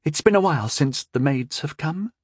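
A man's voice: a little high, lively intonation, moderate pace, dry recording, studio quality, pitched above the performer's own voice. A man voicing a haughty, wary young noble girl whose voice is a little shaky.

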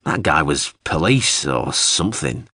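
A man reading a story, voicing a loud, excitable male mercenary who has been drinking. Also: very deep voice, unhurried, dry recording, studio quality, full character voice. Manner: loud, emphatic. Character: excitable, tipsy male mercenary, wide-mouthed.

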